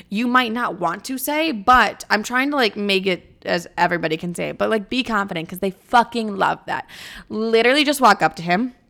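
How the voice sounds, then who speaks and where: A woman's voice: medium pitch, pushed and bright. A young woman chatting casually to camera in her apartment, giving bold dating advice in a cocky, profane way, full of "like.". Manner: brash, cocky, profane, lots of "like". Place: apartment at home.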